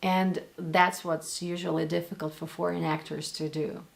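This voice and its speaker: A Russian woman, a native Russian speaker, comments on actors' accents in English with her Russian accent. Her voice sits a little low, with a gravelly, frayed edge. She talks in an animated, opinionated way, addressing her viewers directly. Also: moderate pace. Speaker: language and accent teacher. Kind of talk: casual commentary on film accents.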